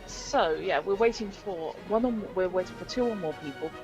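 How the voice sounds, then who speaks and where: A woman's voice: lowish voice, a little fast, over music, rough recording. A woman chatting casually as a tabletop game player, with lots of fillers and laughter.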